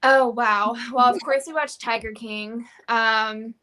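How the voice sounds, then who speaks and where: A young adult woman talks as a guest in a relaxed interview. She sounds bubbly and laughs easily. Her voice sits a little higher than most. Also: takes it slowly. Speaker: guest musician. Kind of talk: casual interview chat.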